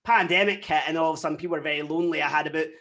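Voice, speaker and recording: A young adult guest with a Scottish accent, telling personal stories candidly in a casual interview, often quoting themselves and others. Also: male voice, fairly high pitch, very fast. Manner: candid, animated storytelling with frequent quoted asides.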